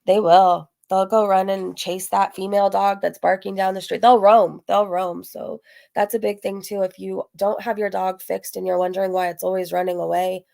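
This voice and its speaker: Gravelly-voiced woman chatting on a livestream. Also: mid-range voice, level tone, normal speed, dark tone. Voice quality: gravelly, hoarse-sounding voice. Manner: rambling, lots of fillers, laughs often. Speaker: livestream host. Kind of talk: casual live-stream chat reading comments.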